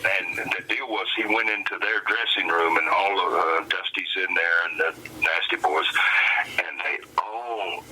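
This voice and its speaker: An older man, a wrestling manager, telling stories in a casual interview with a folksy, animated delivery. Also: low voice, unhurried, heavy background noise. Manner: animated storyteller with laughs and Southern folksy phrasing. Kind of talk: storytelling interview.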